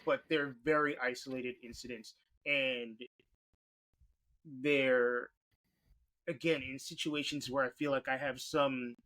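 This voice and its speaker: A man from New York talking candidly as a podcast guest, in quick bursts and with casual swearing. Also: medium pitch, fairly even intonation, sharp tone. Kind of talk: conversational interview.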